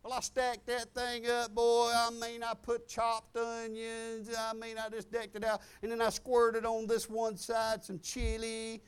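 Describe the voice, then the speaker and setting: A male pastor preaching a sermon, telling personal stories in an animated, exclamatory way. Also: extremely high pitch, measured pace, few pauses, smooth. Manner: animated, exclamatory, chuckling storyteller.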